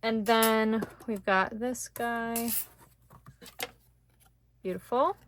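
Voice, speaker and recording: A woman teaching card making in a casual, chatty way, thinking aloud as she works and getting excited over small wins. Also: on the high side, drawn-out words, a little hiss or hum. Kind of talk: casual craft tutorial chat.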